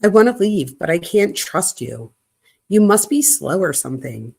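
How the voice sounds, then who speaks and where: A woman's voice: fairly low pitch, sing-song, moderate pace, creaky, darkish tone, slightly rough, full character voice. A woman reading aloud the angry text messages of a young woman to her boyfriend. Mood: irritated.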